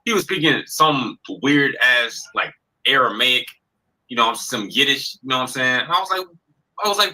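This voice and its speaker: A man's voice: medium pitch, animated, normal speed, sharp tone, low-quality recording. A man telling a story casually, rambling with many fillers.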